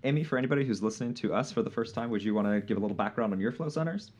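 A man hosting a casual live podcast, easygoing and quick to laugh, with plenty of "uh" fillers. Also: mid-range voice, a little mellow, a little hiss or hum. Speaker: podcast host.

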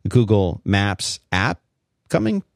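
A man with a somewhat low voice joins a casual tech podcast, talking in an easy conversational way. The recording is dry and close. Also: big pitch swings, takes it slowly, creaky, no echo.

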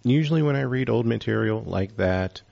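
A man's voice: mid-range voice, animated, normal speed, creaky, a little mellow, dull audio. A man hosting a casual chat, rambling with lots of fillers.

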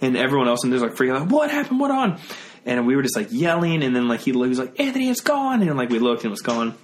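A man's voice: medium pitch, racing. Rambling young man telling a story. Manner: rambling, many "like" fillers. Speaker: podcast guest. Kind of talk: casual storytelling.

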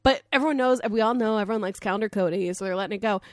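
A woman's voice: medium pitch, rapid-fire, no room sound. Chatty woman podcast co-host, dry sound. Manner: animated, swears freely, quotes characters. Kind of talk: casual recap chat.

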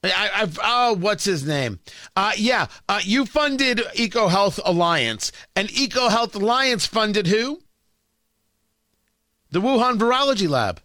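A high-pitched, lively male radio host tears into his subject with sarcasm and rhetorical questions. His voice is bright and pointed, recorded dry and close in a studio. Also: takes it slowly, dry recording. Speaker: radio talk show host. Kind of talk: opinionated political talk radio monologue.

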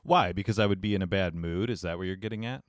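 A man in a casual chat who answers with dry, deadpan teasing. His voice sits somewhat low. The sound is close and dry. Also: fast talker, dry recording. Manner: dry, teasing humor with mock-serious remarks.

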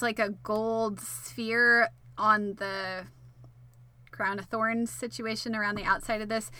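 A woman's voice: medium pitch, sharp tone. A woman giving a casual episode recap, full of fillers, wry asides and the odd swear word. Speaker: show recapper.

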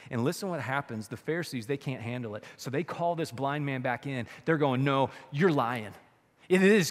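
A man pastor preaching a sermon, animated, swinging from loud to hushed, with sarcastic asides. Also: fairly high pitch, big-room sound.

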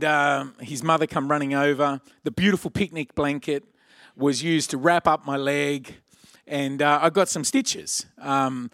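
A man preaching a sermon, telling a personal story in an animated way. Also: no echo, clean studio sound. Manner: animated, acts out quotes with shouted high voices.

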